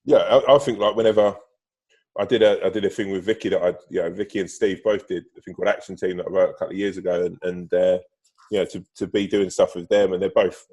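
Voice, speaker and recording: A man's voice: deep voice, fairly even intonation, fast, warm tone. A man chatting casually as a podcast guest, full of fillers and swearing, on a remote call that drops out. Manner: swears freely, many fillers and restarts; bursts into laughter telling stories.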